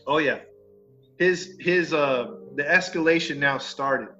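A man spins a casual story for his listeners, acting out the neighbors he quotes with a few mild curses. His voice is bright and forceful and sits a little high. The recording is dull and lo-fi, with faint music underneath. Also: takes it slowly. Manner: animated, acts out quoted neighbors, mild cursing. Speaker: podcast storyteller.

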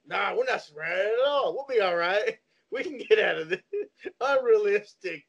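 A man's voice: high voice, sing-song, moderate pace, vocal fry, a bit bright. A man in casual podcast chat who laughs easily and lets his sentences trail off into mumbles. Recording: muffled lo-fi sound.

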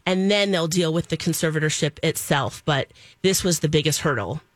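A woman's voice: deep voice, normal speed, dry recording. A woman co-hosting a radio show, giving entertainment news in an upbeat, chatty way. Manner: chatty, upbeat, frequent laughs. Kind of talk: casual radio show banter.

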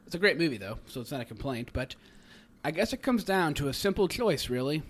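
A man co-hosting a podcast in casual chat, relaxed and chatty as he reads quotes aloud. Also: a little high, brisk. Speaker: podcast co-host.

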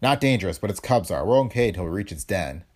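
A man's voice: sits low, lively intonation, quick pace. A man voicing a tough adventurer in an audiobook, clipped and firmly reassuring. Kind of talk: audiobook character voice.

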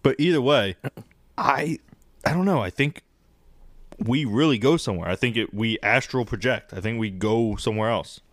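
Man, podcast co-host, casual chat, rambling, swears a lot, mid-pitched, dry close sound. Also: normal speed, dry recording. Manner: rambling, profane, animated storytelling.

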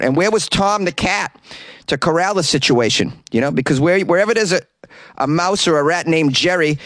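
A man's voice: on the high side, fairly bright tone, no room sound. A man with a Boston accent hosting a comedy news podcast, rambling and joking through digressions. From Boston, USA. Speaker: podcast host. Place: small closet.

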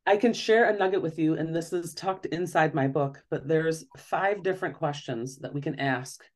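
A woman's voice: sits low, normal speed, darkish tone. Earnest woman explaining parenting ideas. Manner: earnest, explanatory, often acts out quoted questions. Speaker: parenting author and guest. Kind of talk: conversational interview.

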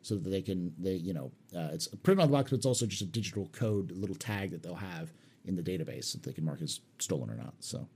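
A man's voice: deep voice, lively intonation, fast, darkish tone, husky. A man hosting a casual panel chat, rambling a little as he reads out viewer questions. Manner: rambling, with many restarts and fillers. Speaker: show host reading viewer questions.

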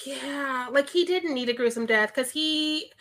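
A woman in her thirties co-hosts a casual film podcast, her high, bright voice full of laughter. She swears freely and acts out what the characters said. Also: a little slow. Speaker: podcast co-host. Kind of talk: casual movie review chat.

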